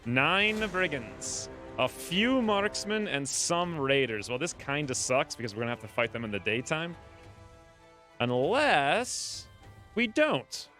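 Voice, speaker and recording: A man's voice: medium pitch, expressive, normal speed, few pauses, pushed and bright, soft background music. A man casually commenting on his own strategy game playthrough, chatty and musing aloud. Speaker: gaming video creator. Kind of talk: let's play commentary.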